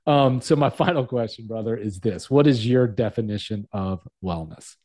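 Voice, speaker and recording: Male podcast host, friendly and casual, relaxed mellow tone, dry sound. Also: lowish voice, moderate pace, dry recording. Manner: friendly, calls guest brother. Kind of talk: casual interview.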